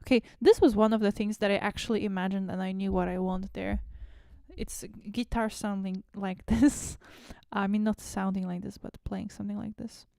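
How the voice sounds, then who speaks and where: A woman's voice: medium pitch, fairly even intonation, normal speed, creaky, mellow, no echo, studio quality. A woman talking to herself as she produces music at home, muttering, humming and now and then swearing. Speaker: music producer streaming a work session. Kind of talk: casual self-talk while producing music.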